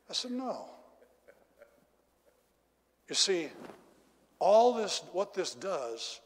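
A middle-aged male preacher telling a story in a sermon, swinging from loud exclamations down to low confiding tones. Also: very animated, extremely slow, long pauses. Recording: echoey hall reverb.

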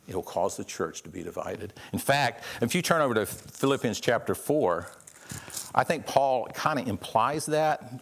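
A man preaching a sermon in a conversational way, often repeating and restarting words and rising in pitch when he stresses a point. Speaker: pastor.

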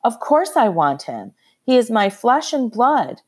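A woman's voice: a little high, big pitch swings, a little slow, a little mellow, slightly rough, pitched above the performer's own voice, exaggerated voice. A woman voicing an earnest, pleading immigrant uncle.

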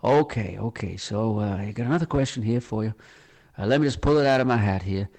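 A man's voice: fairly low pitch, a little fast, darkish tone, voice pushed down. A man voicing a rambling older male boss with an American accent, drawling and full of fillers. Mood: coaxing.

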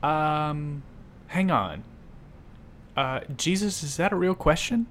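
A man's voice: a little high, animated, takes it slowly, a bit bright, a little hiss or hum, pitched above the performer's own voice. Man voicing a rambling, sarcastic fisherman disciple, raised voice, hesitant restarts, storybook drama. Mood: flustered. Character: exasperated blunt male disciple, fisherman.

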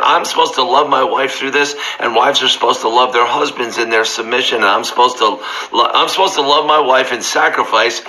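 A middle-aged male pastor teaching a sermon in a very bright, ringing voice. He speaks earnestly and effusively, stumbling over repeated words and climbing higher whenever he gets moved. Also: poor audio. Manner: earnest and effusive, restarts phrases, rises when moved.

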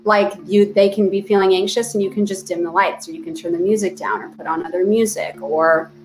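A woman's voice: medium pitch, fairly even intonation, brisk, soft background music. Chatty woman therapist, podcast guest. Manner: chatty, many fillers and restarts. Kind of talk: casual podcast interview.

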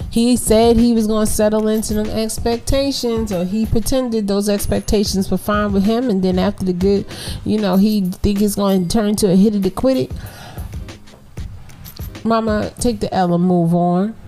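A woman from New York hosting a podcast, giving animated, preachy relationship advice in casual slang straight to her listeners. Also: medium pitch. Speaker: podcast host.

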